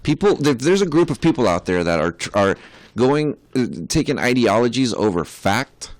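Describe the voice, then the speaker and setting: A man's voice: medium pitch, sing-song, moderate pace, dry recording. A young adult man, a podcast co-host and musician, chatting casually in a rambling, profane way with many filler words.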